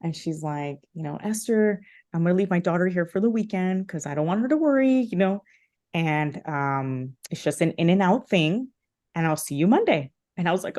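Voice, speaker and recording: A woman in her thirties speaks as a podcast guest, her voice sitting a little low. She tells a personal story with heartfelt emotion, circling back with fillers and restarts as she goes. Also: lively intonation, fairly quick, darkish tone.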